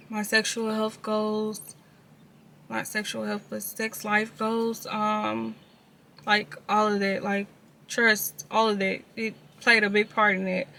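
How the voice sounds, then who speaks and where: Woman, candid confessional vlog, bright voice, fairly even pitch. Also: a little hiss or hum. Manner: candid, casual storytelling, addresses viewers directly. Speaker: vlogger.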